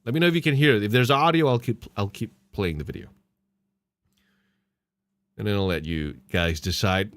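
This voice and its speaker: A man's voice: lowish voice, normal speed, pauses often, fairly bright tone, no echo. A man hosting a podcast, reacting to clips with mocking laughter and swearing. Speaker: podcast host. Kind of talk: casual commentary on clips.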